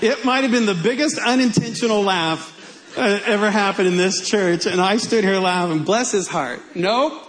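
A man's voice: sits high, normal speed, a bit bright, rough recording. A male pastor preaching a sermon in a humorous, conversational way.

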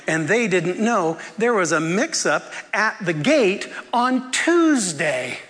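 A man telling a personal story in a sermon, animated and often laughing as he acts out the people in it. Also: sits high, slow pace, in a large hall. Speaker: preacher.

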